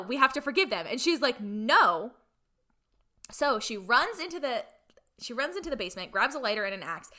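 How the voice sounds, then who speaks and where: A woman's voice: on the high side, sharp tone. A young woman co-hosting a podcast, retelling a film plot in a chatty way with lots of fillers and acted-out lines. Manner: chatty, filler-heavy, acts out characters' lines. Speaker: podcast co-host.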